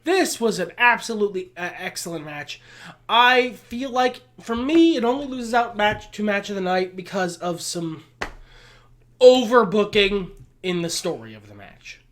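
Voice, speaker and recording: A man's voice: high-pitched, animated, a little slow, fairly bright tone. A man co-hosting a wrestling podcast, chatting casually, opinionated, swearing and laughing as he goes. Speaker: podcast co-host. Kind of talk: casual chat.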